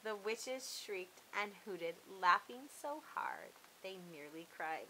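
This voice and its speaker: A woman reads a children's story aloud with a lively, expressive delivery. Her voice is bright and clear in the middle range. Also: medium pitch, slow pace, a little hiss or hum, poor audio.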